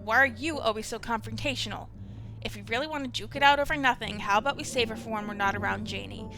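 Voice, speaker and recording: A woman voicing a gruff, scowling caretaker who talks in a blunt, clipped, irritable way. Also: a little high, quick pace, music in the background, natural voice. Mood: curt.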